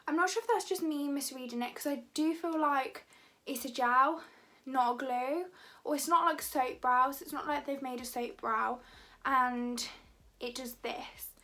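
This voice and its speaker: A woman's voice: high-pitched, measured pace, sharp tone. A young woman vlogging in a rambling, chatty way, full of filler words. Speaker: beauty vlogger. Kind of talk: casual chat to camera.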